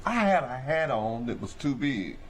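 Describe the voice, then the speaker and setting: A man with a hoarse voice, hosting a local trucking company show in a folksy, rambling manner. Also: medium pitch, big pitch swings, moderate pace. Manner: folksy, rambling, preacher-like address to the audience. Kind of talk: casual talk show monologue.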